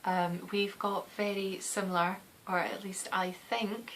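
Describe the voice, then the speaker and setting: A woman in her thirties with a soft West of Scotland accent, rambling chattily on her knitting podcast, often laughing and dropping into a whisper. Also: medium pitch, little pitch movement, unhurried, slight background noise. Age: 30s.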